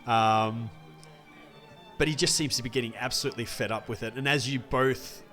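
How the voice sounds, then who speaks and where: A man narrating a tabletop game as game master in a relaxed, hesitant way. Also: medium pitch, moderate pace, soft background music.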